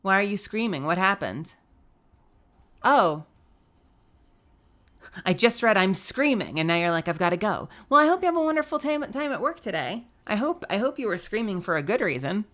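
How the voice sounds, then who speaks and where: A woman's voice: medium pitch, sing-song, moderate pace, pauses often, fairly bright tone. A young woman streaming live while sick and coughing, chatting casually and greeting viewers by name with frequent laughter.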